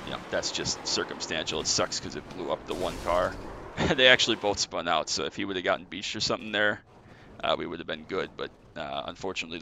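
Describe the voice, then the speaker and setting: A man's voice: sits low, creaky, bright, forceful tone, a little hiss or hum. A man giving casual, chatty commentary on his own sim race, a little out of breath. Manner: chatty, filler-heavy, self-correcting. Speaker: sim racing streamer.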